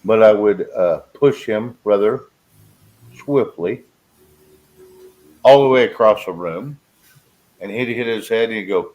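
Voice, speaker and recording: A man's voice: fairly low pitch, unhurried, long pauses, darkish tone. A man chatting casually as host, blunt and joking, laughing often. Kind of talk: casual chat.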